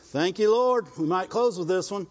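A man preaches in a high voice with a rural Southern US accent, building up in repeated exhortations and checking in with his congregation. The recording is dull and lo-fi. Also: moderate pace. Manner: exhorting, repetitive, asks the congregation "Amen?". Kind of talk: sermon.

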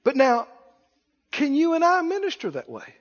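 A man preaching a sermon in call-and-response style, building to shouted emphasis. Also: very high voice, wildly swooping pitch, normal speed, big-room sound, dull audio. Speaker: pastor.

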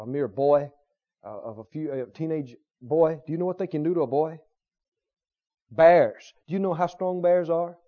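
A man's voice: a little high, highs cut off. A male preacher delivering a sermon emphatically, firing rhetorical questions at his listeners.

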